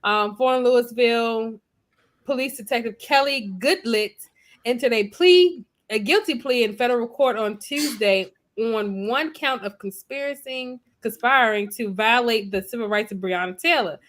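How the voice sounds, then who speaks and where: A woman co-hosts a podcast and reads a news story aloud to the group. She reads plainly and casually, in a slightly high voice. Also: moderate pace. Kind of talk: casual chat and news reading.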